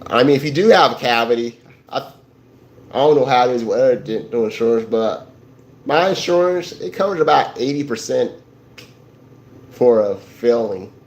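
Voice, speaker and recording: A man's voice: mid-range voice, animated, normal speed, pauses often, darkish tone, dull audio. A man hosting a casual livestream, talking about insurance in a rambling way, repeating himself and restarting his sentences. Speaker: livestream host. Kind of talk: casual livestream talk to viewers.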